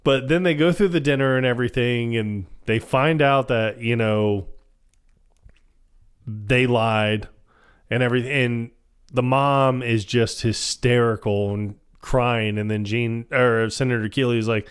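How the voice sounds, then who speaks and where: A man's voice: mid-range voice, moderate pace, clear, resonant tone. Man animatedly retelling a film. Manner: animated retelling, acts out film quotes with laughs. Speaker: podcast co-host. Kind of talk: casual chat recapping a film.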